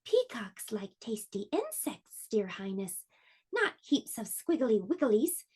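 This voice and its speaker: A woman voicing a prim, courtly male peacock who speaks in a hushed, polite voice. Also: fairly high pitch, big pitch swings, normal speed, husky, heavily acted.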